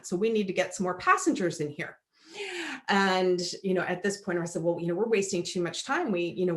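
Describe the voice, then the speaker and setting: A woman telling a personal story as a guest speaker at a church service, acting out the dialogue with lively energy. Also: mid-range voice. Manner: lively storyteller who acts out quoted dialogue.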